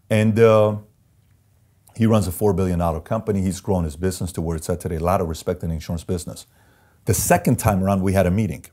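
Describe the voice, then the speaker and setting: A company CEO, interviewed sitting down, tells stories from his business life in a low, warm voice with fairly even intonation. He talks fast and intensely, hammering his points and acting out the voices of people he quotes.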